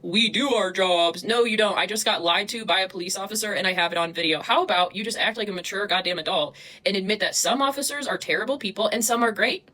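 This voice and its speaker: A young woman rants on a livestream, agitated and swearing. She talks quickly in a plain, mid-pitched voice and breaks off to answer comments from the chat. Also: pushed and bright. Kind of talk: livestream rant.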